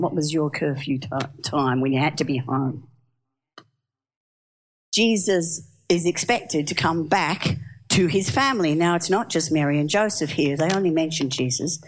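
A woman preaching a sermon, telling stories in a lively way and asking the audience questions. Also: sits low, moderate pace. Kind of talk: sermon with storytelling.

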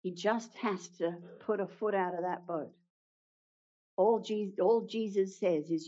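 A woman preaching a sermon, retelling a story with dramatic pauses and acted-out quotes. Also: medium pitch, dark tone. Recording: dull lo-fi sound.

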